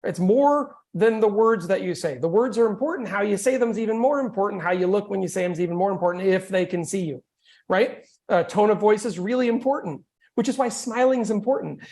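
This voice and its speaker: A man coaching real estate agents on a video call, energetic and joking in a casual, conversational way. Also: sits high, brisk.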